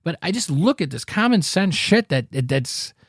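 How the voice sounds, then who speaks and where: A man's voice: fairly high pitch, big pitch swings, normal speed, breathy edge, no room sound, clean studio sound. Angry, swearing man ranting. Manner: angry, swearing freely, rambling with restarts. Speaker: podcast host. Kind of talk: profane political commentary rant.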